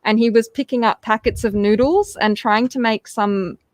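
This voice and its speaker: A woman's voice: on the high side, moderate pace, no echo. A woman speaking as a guest in a casual live-stream discussion, articulate and sardonic.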